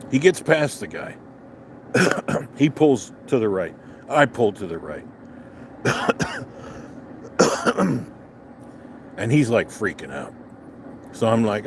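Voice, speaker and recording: A man's voice: on the low side, big pitch swings, slow pace, long pauses. Older guy ranting outside, cussing a lot, voice jumps all over, faint outdoor hum behind. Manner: angry, heavy swearing. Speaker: vlogger. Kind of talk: profane ranting storytelling. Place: outdoors on a restaurant patio.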